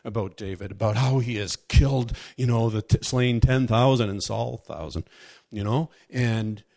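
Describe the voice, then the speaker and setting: A man preaching a casual sermon, telling a story with quick voiced asides and chuckles. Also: medium pitch, vocal fry, darkish tone.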